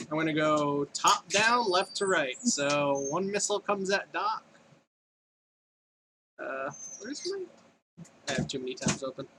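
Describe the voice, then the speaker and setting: A man's voice: fairly high pitch, bright, forceful tone, a little hiss or hum, rough recording. A man narrating as dungeon master, calling out attacks and damage while he thinks aloud. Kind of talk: narrating a tabletop game.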